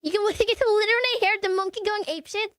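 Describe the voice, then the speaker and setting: Woman streamer, incredulous, swearing, very high bright voice, dry sound. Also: very fast, no room sound. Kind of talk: live reaction commentary.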